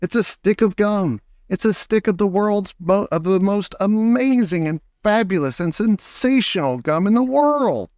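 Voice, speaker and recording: A man voicing an eccentric, excitable male chocolate maker who boasts theatrically about his inventions. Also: fairly high pitch, unhurried, dry recording, clean studio sound. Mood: exuberant.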